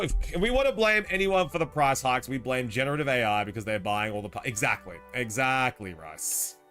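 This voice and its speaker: An Australian man streams and chats with his viewers in a loose, slangy way, laughing often. His voice is bright and rises and falls a lot. Soft music plays behind him. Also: mid-range voice. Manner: chatty, laughing, slangy, reads chat aloud. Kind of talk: casual chat with live chat.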